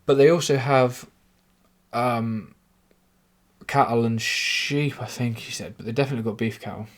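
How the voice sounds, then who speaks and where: A young Englishman with a mid-range voice speaks at a moderate pace in a steady tone. He's a podcaster doing a casual solo monologue that rambles, mocks himself, and swears plenty.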